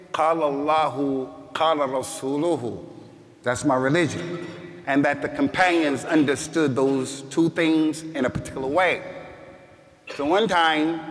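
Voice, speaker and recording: A man preaching a Friday sermon as imam of his mosque, his voice sitting a little high for a man. He speaks with passion, climbs into shouts, and weaves in recited Arabic scripture. The sound rings with the long reverb of a big hall. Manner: impassioned, rising to shouts, quotes Arabic scripture.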